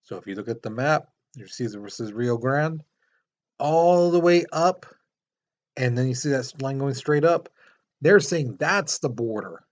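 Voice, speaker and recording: A man's voice: mid-range voice, animated, a little slow, lo-fi sound. A man teaching a history lesson in a casual, explanatory way, pointing to a map with many fillers. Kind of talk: classroom lecture.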